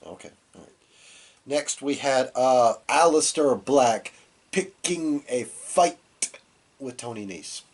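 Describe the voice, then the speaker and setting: A man's voice: mid-range voice, expressive, slow, a little mellow, breathy edge. A man co-hosting a podcast, giving a loose, rambling recap of a wrestling show while getting over a cold. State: has a cold, coughing. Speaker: podcast co-host.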